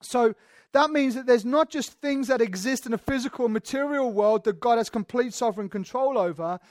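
A woman's voice: a little high, normal speed, darkish tone, dry recording. A woman preaching a conversational sermon, chatty and emphatic, with frequent ums and repeated words.

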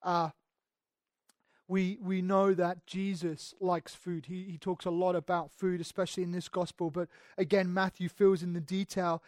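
A male pastor preaching a sermon in a church, earnest, moving between hushed passages and emphatic ones and often restarting his words. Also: high-pitched, flat delivery, moderate pace, no echo, studio quality. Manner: repeats words when restarting.

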